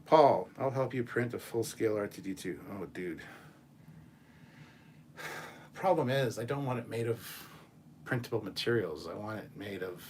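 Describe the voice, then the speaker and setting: A man hosting a casual chat show, reading viewer messages and ranting in an animated, profane way. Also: lowish voice, normal speed, long pauses, slight background noise. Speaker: channel host.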